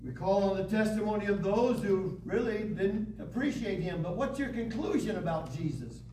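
A man teaching a Bible lesson to a class, reading scripture aloud with dramatic pauses. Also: high-pitched, expressive, darkish tone. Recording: echoey room, distant mic, faint hiss.

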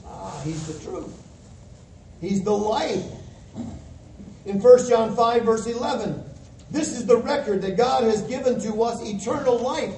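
A man's voice: very high voice, a little mellow. A man preaching a sermon, quoting scripture and pressing his points with emphasis. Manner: emphatic, quotes scripture with rising fervor. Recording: roomy distant mic with faint hiss.

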